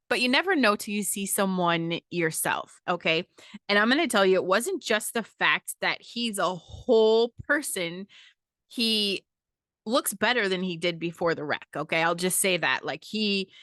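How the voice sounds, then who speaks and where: A woman's voice: mid-range voice, sharp tone, dry recording, clean studio sound. A woman hosting her own podcast, telling a story in a casual, emphatic way, swearing freely and checking in with "okay?" often. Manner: emphatic, profane, repeats "okay?" to the listener. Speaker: podcast host.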